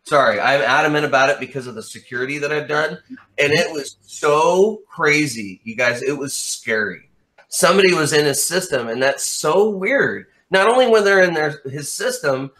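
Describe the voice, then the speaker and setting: A man as an interview guest in casual chat, telling a story in an animated way and swearing freely. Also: on the high side, normal speed.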